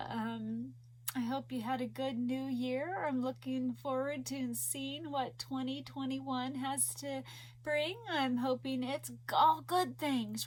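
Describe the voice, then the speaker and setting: A woman crochet vlogger chatting casually to her viewers, emotional and teary, soft-spoken. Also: high voice. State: tearful. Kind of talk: casual video chat.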